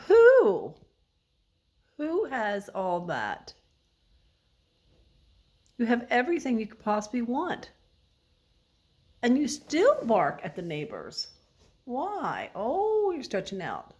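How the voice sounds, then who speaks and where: A woman's voice: fairly high pitch, huge pitch swings, takes it slowly, pauses often. A woman vlogger talking to her dog in a playful, mock-scolding way, asking him questions.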